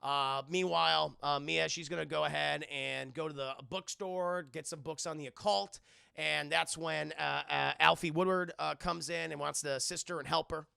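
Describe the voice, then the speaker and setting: Young guy streamer, super gravelly, bright edge, swears a lot, dry close mic. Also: on the high side, steady tone, normal speed, no room sound. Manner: rambling, hesitant, swears often. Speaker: streamer reviewing a film with live chat. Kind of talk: casual profane movie recap.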